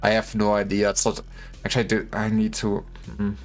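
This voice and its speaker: A man's voice: on the low side, completely flat delivery, fairly quick. A man streaming a game, rambling casually and thinking aloud with restarts as he plays. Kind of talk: casual gaming commentary. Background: faint game music.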